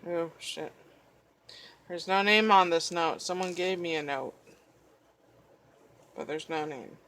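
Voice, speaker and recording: A woman's voice: lowish voice, takes it slowly, fairly bright tone. A woman vlogger chatting casually through a journal flip-through, rambling as she tells stories and swearing now and then. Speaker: craft vlogger.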